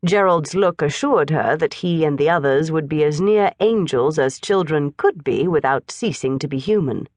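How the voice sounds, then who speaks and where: A woman narrating a classic children's storybook in an expressive, lively reading. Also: low voice, normal speed, hardly any pauses, dry recording. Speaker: audiobook narrator.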